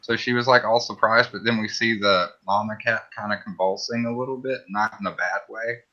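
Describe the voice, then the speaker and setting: Deadpan male guest, low pitch, sharp tone, dull lo-fi audio. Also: fairly quick. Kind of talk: casual chat on a live stream. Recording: dull lo-fi mic sound.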